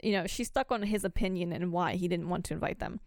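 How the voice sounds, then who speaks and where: A woman co-hosting a podcast and recapping an episode in a relaxed, chatty way, with casual asides. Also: on the low side, fast, dry recording, studio quality. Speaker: podcast co-host.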